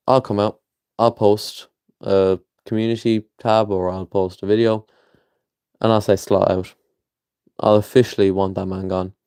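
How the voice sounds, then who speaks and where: Blunt, swearing young Scouse football fan. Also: male voice, fairly low pitch, darkish tone, clean tone. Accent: Liverpool. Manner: frustrated, blunt, swears freely. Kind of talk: opinionated casual rant to camera.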